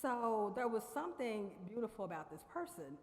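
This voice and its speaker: A woman speaks to a convocation crowd in a relaxed, storytelling way, often laughing and asking the listeners questions. Her voice sits a little high for a woman, and it rings out with the long reverb of a large chapel. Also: moderate pace. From Lexington, Kentucky. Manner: conversational, laughs often, addresses audience directly. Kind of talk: storytelling speech.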